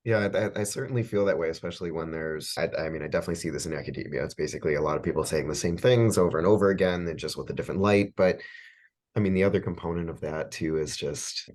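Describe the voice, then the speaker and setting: Man, very low voice, relaxed podcast co-host, casual chat. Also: fast talker. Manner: relaxed, laughs easily, thinks aloud.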